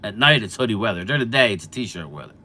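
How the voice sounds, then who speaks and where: Middle-aged guy on a sports live stream, bright forceful voice, chatty, kinda stuffy from allergies. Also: lowish voice, very animated, very fast. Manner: chatty, reads out viewer names and replies. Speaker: sports channel host answering live chat. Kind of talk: casual live-stream chat.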